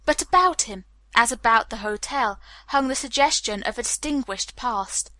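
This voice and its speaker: A woman reads a novel aloud in a steady, clear storytelling voice. Her voice sits a little high and sounds bright. The recording is dry and close. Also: normal speed, no room sound. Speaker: audiobook narrator. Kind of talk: scripted narration.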